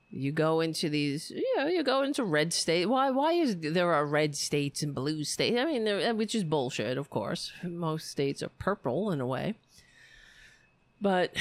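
A woman's voice: lowish voice, no room sound. A woman hosting a political livestream, ranting casually with profanity and sarcasm.

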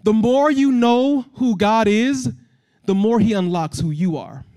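A man preaching as a guest speaker in a church service, his voice sitting very high. He speaks directly to the congregation, leads call-and-response, and climbs into fervent shouted exhortation. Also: a little slow, clean tone. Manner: impassioned, building to shouted exhortation. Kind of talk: sermon.

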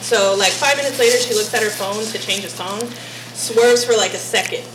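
A woman's voice: mid-range voice, a little fast. A young woman from Texas telling a story in a casual chat, laughing often and swearing freely. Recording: echoey room with background noise.

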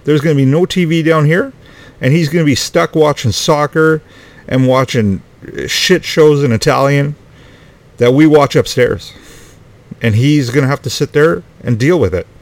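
A man's voice: on the high side, moderate pace. A middle-aged man telling a family story in a rambling, casual way, swearing often and sounding exasperated.

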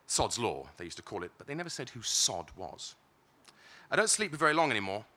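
British male reader, lowish pitch, bright and forceful tone, wry measured literary narration. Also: very animated. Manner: wry, measured, first-person narration with occasional stumbles. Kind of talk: reading literary fiction aloud.

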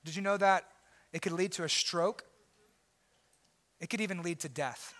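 Emphatic high-voiced male preacher. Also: moderate pace. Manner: emphatic, swings from loud preaching to quiet intensity. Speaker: pastor. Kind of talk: sermon.

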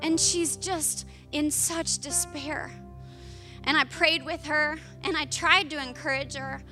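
Woman preacher, thirties, storytelling sermon, bright tone, soft music underneath. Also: high-pitched, steady tone, takes it slowly. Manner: storytelling, rising to impassioned emphasis. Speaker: pastor.

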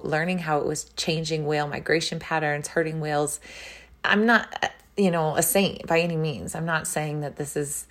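Low-voiced earnest woman reflecting. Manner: earnest, heartfelt, with soft laughs. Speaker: wellness entrepreneur. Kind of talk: reflective personal monologue.

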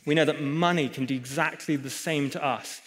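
A man's voice: fairly high pitch, brisk, a bit bright. A man preaching a sermon in a church hall, emphatic, with chatty asides to the congregation. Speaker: pastor.

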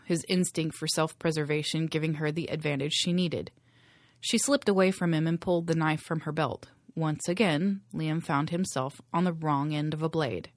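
Woman reading an adventure book aloud, lowish voice, dry close sound. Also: no room sound. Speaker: narrator. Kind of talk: audiobook reading.

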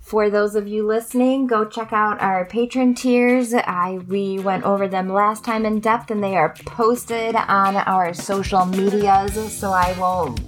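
A woman's voice: medium pitch, fairly even intonation, measured pace, hardly any pauses. Woman, nasal, bubbly, enthusiastic podcast host, faint music. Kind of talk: casual interview chat.

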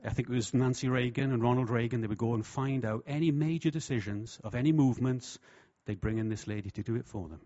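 Man, preacher, jokey sermon, husky voice, dull lo-fi recording. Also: mid-range voice, fast, few pauses. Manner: lively, jokey, puts on voices for quotes. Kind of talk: sermon with humour. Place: church hall. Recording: dull, lo-fi sound.

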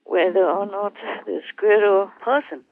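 A woman speaking as a spiritual teacher, talking gently and in a rambling way with hesitations. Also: mid-range voice, fairly even intonation, a little slow, no room sound. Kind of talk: casual talk over a phone line. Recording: tinny phone line, dry.

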